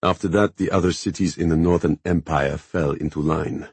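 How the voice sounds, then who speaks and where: Brief: a man playing a measured revolutionary man in an audiobook, wry, very low and husky. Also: fairly even intonation, dry recording, full character voice. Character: measured male revolutionary leader.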